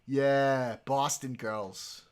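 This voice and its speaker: A man's voice: medium pitch, fairly even intonation, drawn-out words, clear, resonant tone. A male live streamer in casual chat, joking around and trying out accents.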